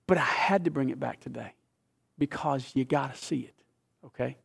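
A man preaching a sermon as pastor, swinging from loud emphatic bursts to slow, hushed, intimate reading of scripture. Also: mid-range voice, gravelly, breathy edge.

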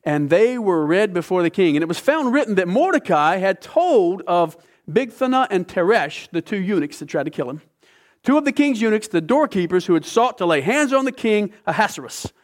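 A man preaching a sermon, retelling a story with lively acted-out voices. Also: sits high, moderate pace. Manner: animated storytelling, acting out voices. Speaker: pastor.

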